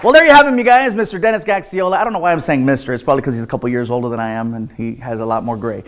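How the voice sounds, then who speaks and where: A man hosting a comedy highlight show, joking playfully as he introduces a comic. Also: racing, some chatter behind, a little hiss or hum. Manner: playful, jokey, animated.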